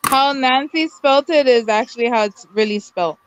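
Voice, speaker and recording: A woman's voice: high-pitched, a little fast, slight background noise, low-quality recording. A woman hosting a casual chat on a video call, asking questions. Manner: chatty, asks questions. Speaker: host.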